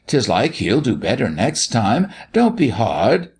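A man voicing a timid young girl, pleading gently in a raised, soft voice. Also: medium pitch, wildly swooping pitch, a little slow.

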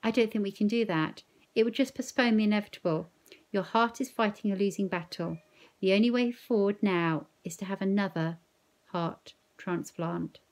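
A woman's voice: mid-range voice, normal speed, a little mellow, close to an everyday voice. A woman reading aloud as a blunt, brusque male transplant doctor with a clipped, matter-of-fact delivery.

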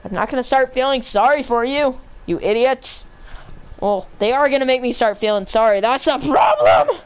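A woman streaming a zombie shooter game, chatting casually with excitable, gushing outbursts and lots of slang. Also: a little high, moderate pace, clean tone. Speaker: gamer streaming zombie mode. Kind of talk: casual live gameplay commentary.

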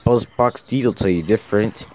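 A man's voice: lowish voice, moderate pace, a little mellow, lightly acted. A man voicing a plain-spoken male tank engine with a dry, blunt manner.

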